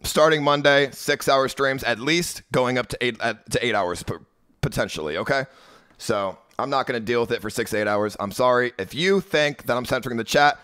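A man's voice: mid-range voice, moderate pace, fairly bright tone, smooth. A young man live streaming, ranting at his chat in a profane, agitated, repetitive way. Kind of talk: livestream rant at chat.

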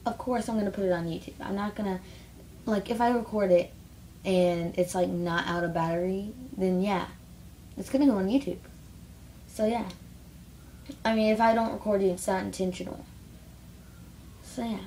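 A woman's voice: mid-range voice, fairly even intonation, moderate pace, pauses often, mellow, slight background noise. A teenage girl ranting bluntly to camera in a casual vlog, rambling with lots of "like". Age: teens. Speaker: vlogger.

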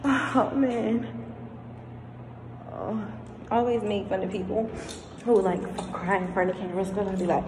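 A young woman vlogging casually outdoors, chatty and excitable, talking straight to her viewers on a handheld phone. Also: medium pitch, a little slow, pauses often, background noise. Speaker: lifestyle vlogger. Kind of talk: casual vlog tour. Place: outdoors, rooftop and parking area.

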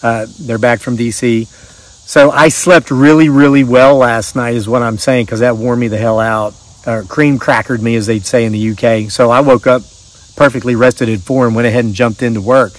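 A man's voice: medium pitch, fairly even intonation, moderate pace, no echo. A middle-aged man hosting his channel, chatting casually in a rambling, folksy way and reading out viewer stories. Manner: rambling, folksy, restarts often. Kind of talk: casual chat and reading aloud.

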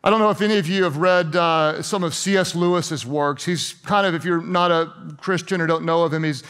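Brief: male preacher, high-pitched, chatty and sarcastic, stammers out repeated words. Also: fairly even intonation, fairly quick, a bit bright, clean tone. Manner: conversational, sarcastic, repeats words while speaking. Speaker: pastor. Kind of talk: sermon.

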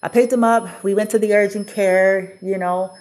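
A woman's voice: mid-range voice, fairly even intonation, normal speed, darkish tone. A woman vlogger telling a personal story in a chatty, casual way, often laughing and acting out what people said.

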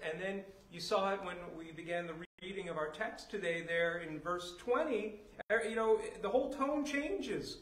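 This pastor's high-pitched voice echoes through a church sanctuary on a low-quality, reverberant recording. He talks through scripture casually, full of "uh" and "you know," then rises into emphatic declarations.

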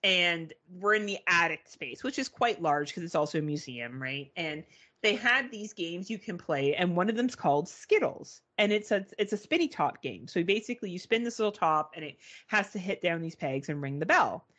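A woman co-hosting a podcast, telling a story in casual chat, animated and swearing, mimicking beeps. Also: fairly low pitch, moderate pace. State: arm in a sling. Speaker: podcast co-host.

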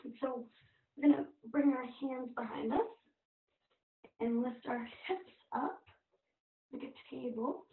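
Slow, gentle woman leading toddler yoga. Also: high voice, steady tone. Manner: gentle, encouraging, sing-song cues. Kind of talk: guiding a parent-child yoga class. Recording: distant, roomy, phone-like sound.

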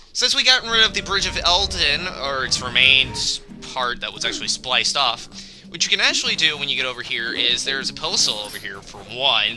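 A mid-range male voice comes through poor audio with game music behind it. This let's play commentator rambles casually and excitably through a video game, talking back to it aloud whenever things go wrong.

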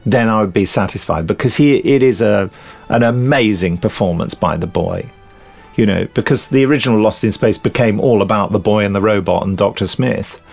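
Animated man telling stories. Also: on the low side, fairly quick, vocal fry, breathy edge, soft background music. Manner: animated storyteller, laughs often, acts out quotes. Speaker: podcast co-host. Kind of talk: casual chat.

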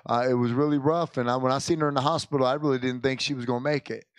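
A man's voice: mid-range voice, steady tone, racing, clean tone, no echo. A male pastor making casual, folksy church announcements in the sanctuary, chatty and often breaking off mid-sentence. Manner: folksy, chatty, self-interrupting.

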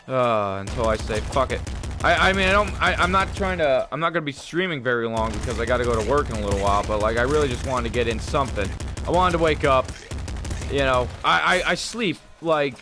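A young man streaming a video game, talking casually with a profane, excitable manner and laughing often. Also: medium pitch, noisy background. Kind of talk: casual livestream commentary.

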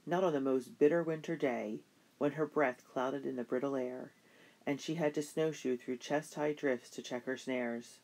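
Audiobook narrator with a middle-pitched voice. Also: steady tone, moderate pace, darkish tone. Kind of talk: audiobook narration of a children's novel.

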